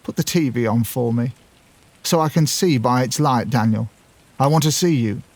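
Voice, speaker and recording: A man voicing the blind, frightened ghost of an old father who pleads slowly and wails. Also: medium pitch, darkish tone, natural voice. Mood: pleading. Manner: pleading, wailing, slow.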